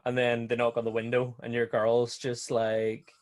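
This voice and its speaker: Northern Irish male co-host, mid pitch, giggly, relaxed chat. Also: normal speed. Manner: laughs often, acts out film lines. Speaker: podcast co-host. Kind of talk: casual chat.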